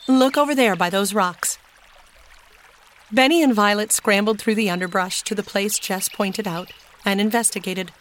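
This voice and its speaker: A woman reading a children's storybook aloud in a steady, gentle way. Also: medium pitch, slight background noise. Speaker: narrator.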